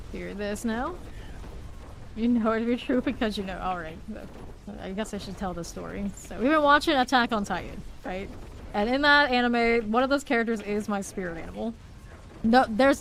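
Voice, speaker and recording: A woman's voice: on the high side, a bit bright, a little hiss or hum, poor audio. A woman game streamer chatting casually and playfully while she plays, laughing often and exclaiming. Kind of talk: casual chat while live gaming.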